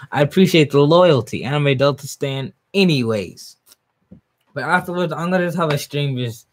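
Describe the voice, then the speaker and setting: A young man live-streaming a manga reaction, reading aloud, laughing often and talking to his chat. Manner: excitable, laughs often, jumps up in pitch when hyped.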